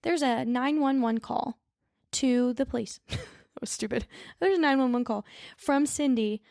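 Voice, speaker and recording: A woman recaps a true-crime case for her podcast co-host in loose, chatty storytelling, slipping on names and fixing them as she goes. Her voice sits a little high with a gravelly fry. The sound is dry and close, with no room echo. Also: normal speed, darkish tone. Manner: chatty, mixes up names and corrects herself.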